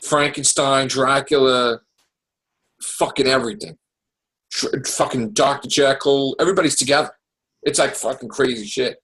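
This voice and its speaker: Excitable, profane man recapping TV. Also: medium pitch, normal speed, poor audio. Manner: excitable, profane, animated storytelling. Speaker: podcast host. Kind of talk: casual chat.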